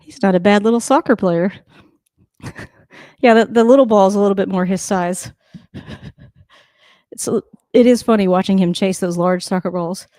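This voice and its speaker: A woman giving casual live reaction to a football game, with wry asides and a high coaxing voice for her dogs. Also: moderate pace, pauses often, warm tone, no room sound, studio quality. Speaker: host of a football reaction channel. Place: at home.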